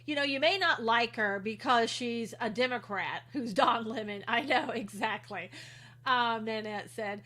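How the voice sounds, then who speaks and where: A woman's voice: fairly high pitch, a little slow, bright, forceful tone. A woman hosting a political livestream, chatting indignantly, reading viewer comments aloud and greeting viewers by name.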